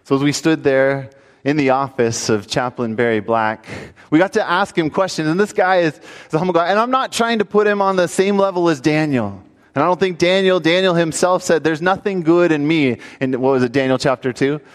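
A man preaching from the pulpit, his voice sitting a little high as he tells a story with animated energy. Now and then he swells into emphatic appeals to the congregation. A long reverb from the hall trails behind each phrase. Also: a little fast. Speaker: pastor. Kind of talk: sermon.

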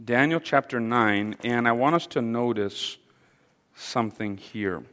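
A man leading an interactive Bible study, speaking haltingly with fillers and repeated words and putting questions to his audience. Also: mid-range voice, a bit bright. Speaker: Bible teacher. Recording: long reverb of a large hall.

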